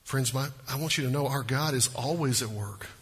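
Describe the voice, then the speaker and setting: A man's voice: medium pitch, a little fast, breathy edge. A male pastor preaching a sermon with emphasis and rhetorical questions, recorded in a church sanctuary. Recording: long reverb of a large hall.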